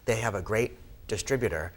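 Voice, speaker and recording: Boston guy, indie filmmaker guest, talks real quick and lively on a cable show. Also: fairly low pitch. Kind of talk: casual chat.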